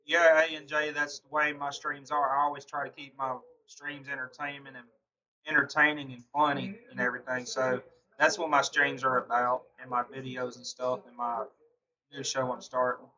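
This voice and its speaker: A man's voice: medium pitch, level tone, normal speed, bright, forceful tone. A man hosting a casual livestream, chatting loosely with viewers and answering their comments, full of fillers. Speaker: livestream host. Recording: dull lo-fi stream audio.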